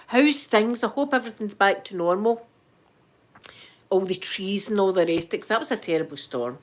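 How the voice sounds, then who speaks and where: She's a middle-aged woman from Scotland with a mid-range voice and a fairly quick delivery. On her live stream she chats casually and greets viewers by name.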